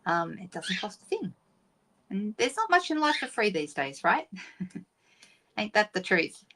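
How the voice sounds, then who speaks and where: A woman's voice: medium pitch, big pitch swings, a little slow, bright, forceful tone. Chatty woman hosting a live stream. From Australia. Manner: chatty, greeting viewers by name, frequent fillers and laughs. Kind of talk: casual live-stream chat.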